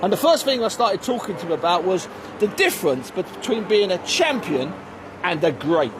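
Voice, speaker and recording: High-voiced, lively storytelling man. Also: moderate pace, background noise. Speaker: boxing reporter. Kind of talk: radio sports chat.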